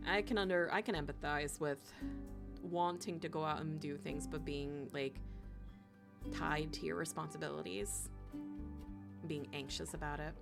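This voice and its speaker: A woman's voice: low voice, fairly even intonation, unhurried, gravelly, pauses often. A young woman streaming a game live, chatting casually and giggly, often saying "like". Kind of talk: casual live-stream chat while gaming. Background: game music.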